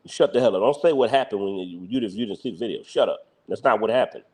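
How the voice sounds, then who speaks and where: A man's voice: on the low side, fast, a little mellow. A man with a Philadelphia accent, hosting a live reaction stream, bluntly ranting and scolding his chat. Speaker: livestream host.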